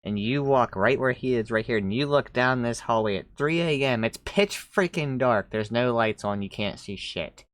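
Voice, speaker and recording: Man, reaction host, casual, excitable, swears a lot. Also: mid-range voice, normal speed, few pauses. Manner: animated, swearing, exclaiming, riffing.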